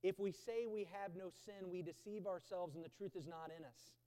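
A man preaching a sermon from a church stage, swinging between loud urgent bursts and low quiet emphasis and repeating phrases to drive them home. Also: steady tone, moderate pace. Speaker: pastor. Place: stage in a large indoor church building. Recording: long hall reverb.

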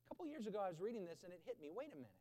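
A high-pitched male pastor delivers a sermon from the stage, his voice ringing with a long hall reverb. He swings from loud, urgent outbursts to low, hushed emphasis and repeats key phrases to drive them home. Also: sing-song, rapid-fire. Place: stage in a large indoor church building.

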